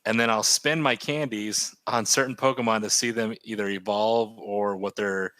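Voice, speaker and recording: A man's voice: fairly low pitch, normal speed, no room sound. A man in his thirties co-hosting a casual podcast, rambling animatedly about video games over a remote call. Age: 30s. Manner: rambling, animated gamer talk. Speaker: podcast co-host. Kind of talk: casual chat. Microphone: remote call mic.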